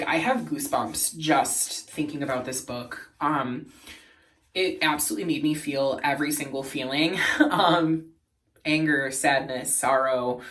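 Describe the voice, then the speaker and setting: A man vlogging in a casual, earnest and emotional way, laughing softly as he talks. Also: fairly high pitch, far from the mic. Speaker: beauty and lifestyle vlogger. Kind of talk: casual chat.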